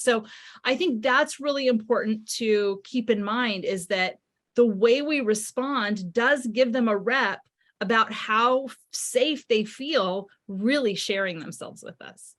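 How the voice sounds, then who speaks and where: A woman's voice: a little high, slow, a bit bright. A middle-aged woman, a parenting author, explaining ideas in a podcast interview and acting out what parents say. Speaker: parenting author and psychotherapist guest.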